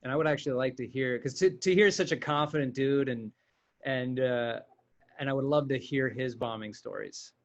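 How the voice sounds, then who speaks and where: A man's voice: medium pitch, fairly quick. Hesitant male co-host, dull sound. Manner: hesitant, lots of fillers. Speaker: podcast co-host and comedian. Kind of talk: casual chat.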